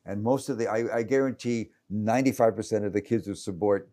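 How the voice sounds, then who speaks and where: Older man in his seventies, low voice, dark and mellow, rambling with restarts, interview guest. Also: fairly quick. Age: 70s. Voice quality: cranky. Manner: rambling, many restarts and stammers. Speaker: journalist guest. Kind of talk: conversational interview.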